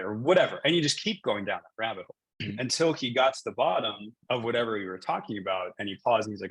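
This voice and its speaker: A man in his thirties talks through a personal story as a coach, looping back with fillers and restarts. His voice sits on the low side with a husky, slightly breathy edge. The sound is dry and close, with little room around it. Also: lively intonation, quick pace, fairly bright tone, no room sound, rough recording. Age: 30s. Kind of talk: casual coaching conversation.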